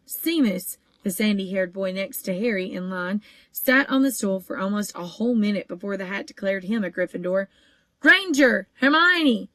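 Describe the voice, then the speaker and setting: A woman narrating a children's novel at an easy, steady pace, stumbling now and then on a word. Her voice sits at an ordinary middle pitch. The room is dead and dry, close to the mic. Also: no echo. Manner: steady, even storytelling with occasional small stumbles. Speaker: audiobook reader. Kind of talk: audiobook narration.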